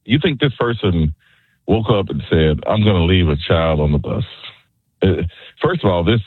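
Insistent low-voiced man on a phone line. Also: slightly rough, no echo. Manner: argumentative, insistent. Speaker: radio caller. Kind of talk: call-in radio talk.

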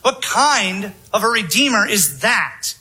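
A man preaching a sermon in a solemn, emphatic manner with long pauses. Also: high-pitched, big pitch swings, bright, forceful tone, husky, rough recording.

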